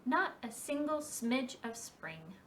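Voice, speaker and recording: A woman's voice: high-pitched, sing-song, slow, noisy background, full character voice. A woman voicing a small, bossy female woodland animal who exclaims and scolds, in a children's storybook reading. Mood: grumpy.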